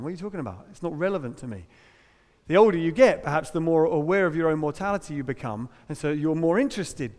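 A middle-aged English preacher delivers a sermon from the front of a church hall, his voice sitting a little high for a man. He keeps it conversational and jokey, leaning hard on the words he wants to land. The room carries a long reverb behind every phrase. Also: a little mellow. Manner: conversational, humorous, emphatic.

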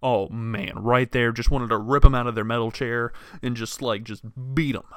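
A man's voice: mid-range voice, fairly even intonation, normal speed, a bit bright, clean tone, dry recording. Young guy ranting on his podcast, swears a lot, keeps restarting, dry close mic. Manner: exasperated, profane, rambling with restarts. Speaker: podcast host. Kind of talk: casual solo rant.

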